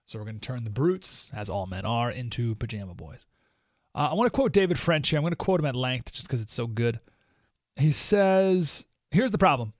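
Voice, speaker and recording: A man hosting a talk radio show, delivering an opinionated monologue in an animated, sarcastic way with mocking asides. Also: medium pitch, moderate pace, no echo, studio quality.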